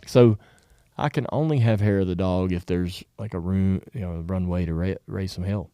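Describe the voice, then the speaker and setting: Laid-back man, low voice. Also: moderate pace, clear, resonant tone, no room sound, studio quality. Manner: drawling, storytelling with animated quoted voices. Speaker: co-host. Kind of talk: casual chat.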